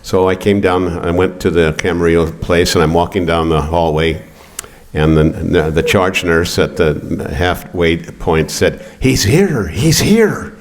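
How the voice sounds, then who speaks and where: An older man with a very low voice tells a rambling, profane story at a poetry reading. He halts often with fillers as he goes, speaking in an art gallery. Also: level tone, measured pace. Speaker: poet.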